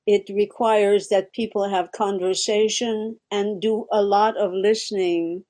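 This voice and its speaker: A woman's voice: mid-range voice, steady tone, measured pace, a little mellow. Woman, thoughtful and searching. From Quebec. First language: French. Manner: reflective, searching for words, frequent restarts. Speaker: guest. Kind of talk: casual conversation.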